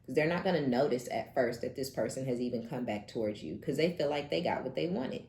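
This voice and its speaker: A woman with a very deep voice reads tarot in a loose, animated way, peppering it with swearing and laughing asides. Her comes through, and the room around her sounds echoey. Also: fast, gravelly, slight background noise. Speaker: tarot reader. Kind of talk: casual tarot reading.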